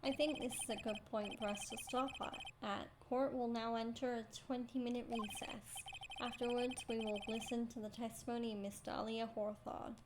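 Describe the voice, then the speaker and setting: A woman's voice: fairly high pitch, fairly even intonation, moderate pace, background noise, close to an everyday voice. A woman voicing a fussy, easily startled elderly male judge from a video game, speaking in a formal, flustered way. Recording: game music behind.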